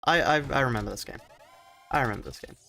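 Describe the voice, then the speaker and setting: A man's voice: mid-range voice, quick pace, vocal fry, slight background noise. Rambling Australian man streaming a game. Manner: rambling and self-mocking, thinks out loud. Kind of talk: live let's-play commentary.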